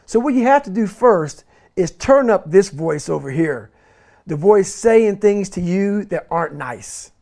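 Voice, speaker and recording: A man's voice: high-pitched, a little mellow. A man giving a blunt, intense motivational talk as an interview guest, swearing freely.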